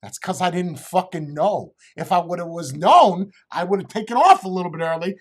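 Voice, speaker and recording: A man's voice: sits high, lively intonation, moderate pace, few pauses. A middle-aged man telling crude, rambling comic stories to a live chat and swearing constantly. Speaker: comedian streamer.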